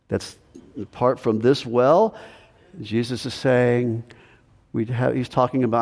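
In a church sanctuary, a pastor preaches a sermon emphatically, repeating key phrases for stress. His voice is medium-pitched, a little slow and a little mellow, and the echoey hall gives it a long reverb.

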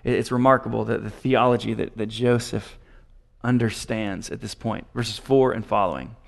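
A man's voice: fairly low pitch, fairly even intonation, moderate pace, vocal fry. A man teaching a Bible passage, reading scripture aloud and commenting on it with frequent restarts. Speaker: preacher.

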